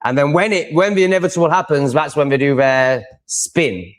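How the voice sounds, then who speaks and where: A man's voice: a little high, moderate pace. A man hosting a live stream, chatting casually and reacting to viewers' comments in a rambling, opinionated way. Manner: rambling and opinionated, with many fillers and restarts. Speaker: livestream host.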